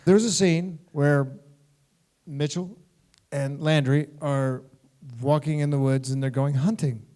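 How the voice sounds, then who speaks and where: A middle-aged American man from the United States, a guest actor telling animated, laughing anecdotes in an on-stage convention talk. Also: a little high, takes it slowly.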